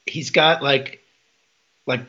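A man co-hosting a podcast, chatting casually and laughing as he retells TV scenes with quick quoted lines. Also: mid-range voice, fairly even intonation, sharp tone. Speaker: podcast co-host. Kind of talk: casual episode recap chat. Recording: dull lo-fi podcast mic.

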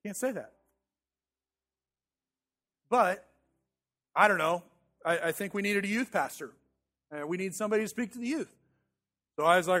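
In a laid-back, conversational sermon, a pastor in his thirties speaks at a moderate pace and pauses often. His voice sits high for a man, and his self-deprecating personal anecdote is full of restarts and repeated words.

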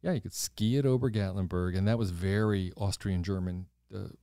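A man hosting a podcast, telling stories in a gushing, animated casual chat. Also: low-pitched, a little fast, gravelly, smooth, dry recording, studio quality. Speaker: podcast host.

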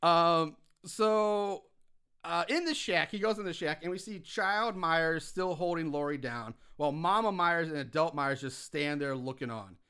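A man's voice: on the high side, animated, a little slow, bright, forceful tone, smooth. A man co-hosting a casual chat, recapping a film with profanity and laughter, acting out quotes with big swings in voice. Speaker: podcast co-host recapping a film.

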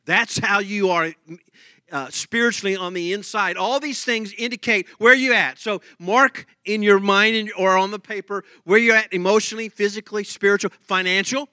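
A man's voice: sits high, steady tone, moderate pace, bright, forceful tone, dry recording. A man pastor giving a sermon in a conversational way, joking, laughing and asking the congregation many questions. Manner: conversational preaching with jokes and laughs.

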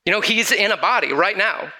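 A man's voice: high-pitched, brisk. A man preaching a sermon to an audience, telling a long story and acting out the people in it. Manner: animated storyteller acting out quoted voices.

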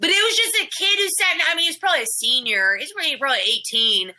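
A woman's voice: high voice, expressive, very fast, sharp tone. A young woman in casual chat, telling a story with many fillers.

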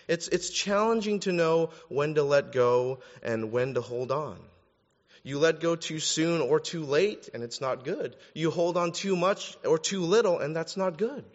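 A man's voice: fairly high pitch, animated, unhurried. A man preaching a sermon in a conversational style, with joking asides to the congregation. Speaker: pastor. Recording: dull sound with long hall reverb.

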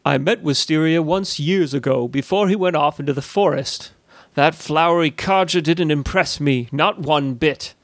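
A man's voice: fairly high pitch, no room sound, lightly acted. A man doing a caustic, scoffing guildmaster. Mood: scornful. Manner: gruff, dismissive, slow and grumbling. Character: brusque caustic male merchant guildmaster.

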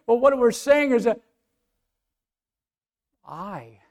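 A man preaching a sermon in a conversational way, asking the congregation questions and swinging from quiet asides to loud emphasis. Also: extremely high pitch, slow pace, long pauses.

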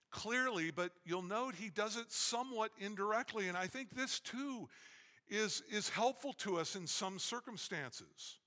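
A male pastor delivers an emphatic sermon in a bright, forceful voice that sits a touch above the usual male pitch. He stretches and stresses words for weight and slips into quoted speech. The recording has a long hall reverb around him. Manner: emphatic preaching with dramatic pauses. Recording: echoey hall.

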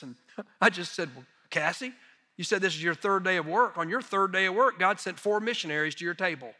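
A middle-aged man preaching as a missionary, telling folksy, self-deprecating stories in an animated way. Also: sits high, fairly quick. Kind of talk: sermon storytelling. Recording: long reverb of a large hall.

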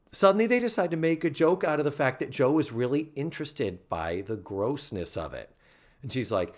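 Male podcast co-host, casual recap, animated delivery with lots of pitch movement, quotes characters in mock voices. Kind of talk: casual episode recap chat.

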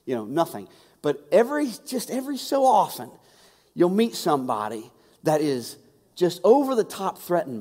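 A man's voice: high voice, wildly swooping pitch, moderate pace, darkish tone. A male pastor preaching a sermon in a conversational way, often repeating words for emphasis. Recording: long hall reverb.

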